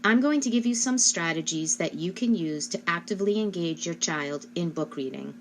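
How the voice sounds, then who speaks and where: A woman giving instructional narration as a speech therapist, speaking slowly and carefully and modeling questions for a child. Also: fairly low pitch, a little hiss or hum. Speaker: speech-language pathologist.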